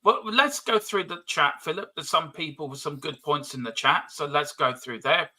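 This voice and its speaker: A man's voice: on the high side, normal speed, pushed and bright. A man hosting a casual football fan podcast, chatty, asking his co-host questions and reading out viewer comments.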